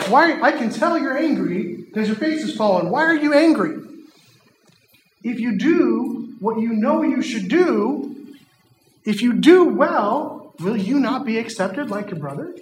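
Man doing a calm fatherly god asking gentle questions, highish voice, echoey. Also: takes it slowly, long pauses. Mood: coaxing.

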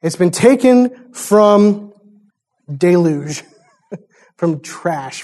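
A man's voice: sits high, animated, drawn-out words, long pauses, a little mellow. A man preaching a sermon in a conversational way, chuckling often and telling the story with animation.

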